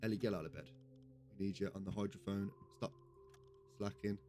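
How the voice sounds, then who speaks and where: A man's voice: on the low side, fairly even intonation, brisk, dark tone, faint music behind. A young British man giving casual live commentary on a game, chatty and giggly, swearing now and then. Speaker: streamer.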